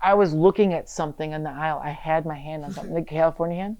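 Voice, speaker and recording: A young man from Michigan chatting on a podcast as a guest, swearing freely and telling animated stories that burst into loud shouts. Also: a little high, racing, clean tone, highs cut off. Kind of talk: casual podcast chat.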